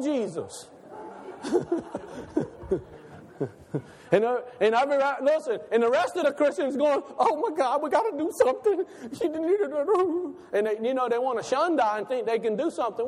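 High-voiced preacher in an echoing church. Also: male voice, fast. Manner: animated preaching, rhetorical questions, laughs between lines. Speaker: pastor. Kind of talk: sermon. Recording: long hall reverb.

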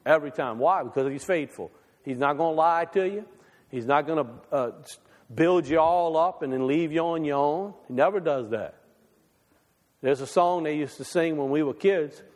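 A man preaching a folksy, conversational sermon with a slightly high voice. His delivery swings between raised, emphatic lines and hushed ones. The sound carries a long reverb from a church hall. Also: normal speed. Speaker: pastor. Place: church sanctuary.

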